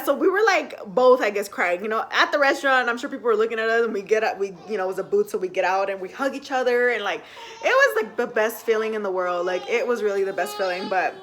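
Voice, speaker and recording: Young woman vlogger, chatty and animated, slightly high voice, speaking at home. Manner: chatty, animated, full of fillers. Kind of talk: casual storytelling to camera.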